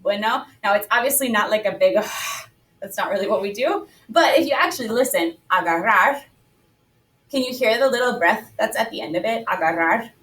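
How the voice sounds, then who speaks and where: A woman's voice: fairly high pitch, fairly quick, far from the mic, low-quality recording. A woman teaching a Spanish class, upbeat and coaxing as she leads the students through repetition drills. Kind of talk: classroom lesson.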